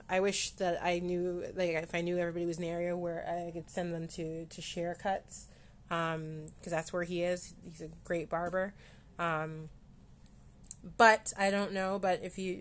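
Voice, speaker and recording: A woman from Canada hosting a casual solo podcast, talking candidly with frequent restarts and casual swearing. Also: fairly low pitch. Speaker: podcast host.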